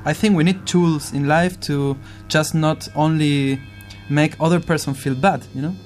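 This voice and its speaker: A musician with a fairly high, steady, slightly mellow voice chats unhurriedly over soft background music. Casual and earnest, he reflects aloud, searching for words and posing rhetorical questions.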